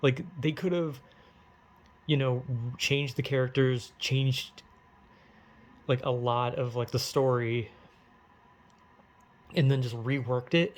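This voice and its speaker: A man with a gravelly, creaky voice at a middle pitch, talking casually to camera. He rambles and restarts, teases himself and swears freely. He sounds like a host riffing on his own opinions. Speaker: YouTuber.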